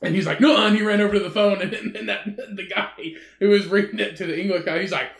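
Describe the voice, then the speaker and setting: A man co-hosting a podcast, chatting casually with crude jokes and animated storytelling. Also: high-pitched, fast talker, vocal fry, few pauses, roomy sound. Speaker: podcast co-host. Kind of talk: casual chat.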